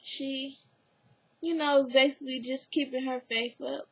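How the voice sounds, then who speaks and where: A woman's voice: sits high, level tone, unhurried, fairly bright tone, low-quality recording. A woman giving a casual spoken recap of a TV episode, rambling with lots of "like" and "you know", earnest and emotionally open. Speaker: TV recap vlogger.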